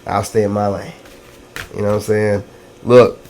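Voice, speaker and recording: A man giving a casual tarot reading to his viewers, excitable and slangy, repeating catchphrases and calling out to the audience. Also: fairly low pitch, normal speed, slight background noise. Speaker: tarot reader.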